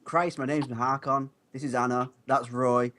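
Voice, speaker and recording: A man's voice: medium pitch, little pitch movement, normal speed, fairly bright tone, natural voice. A stubborn adventurer, voiced by a man in a tabletop game, who answers in a dry, sarcastic way.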